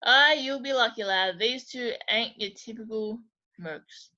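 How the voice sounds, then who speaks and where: Cocky storybook talking sword, gruff Scots-style male, as a woman puts it on; teasing, brassy tone, muffled lo-fi sound. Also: fairly high pitch, measured pace, bright, forceful tone. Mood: mocking. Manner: mocking, swaggering, calls people laddie. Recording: dull lo-fi recording.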